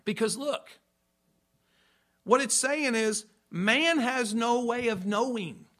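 A man delivers a sermon as a pastor, his voice pitched high and bright in tone. He preaches emphatically, hammering home points by repeating them and stopping to ask whether the congregation follows. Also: slow.

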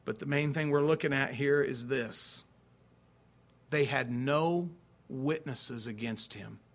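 A man's voice: medium pitch, slow. A man in his forties, a pastor, preaching a folksy, conversational sermon full of rhetorical questions. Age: 40s.

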